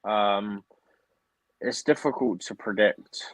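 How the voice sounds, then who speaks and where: A man's voice: fairly low pitch, takes it slowly, dry recording, low-quality recording. A man co-hosting a casual live stream, easygoing and hedging. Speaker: co-host.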